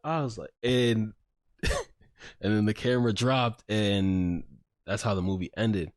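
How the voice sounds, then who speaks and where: Low-voiced man telling a story casually. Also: unhurried, dry recording, clean studio sound. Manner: rambling storyteller, heavy on filler "like", profane. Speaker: podcast host. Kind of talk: casual chat.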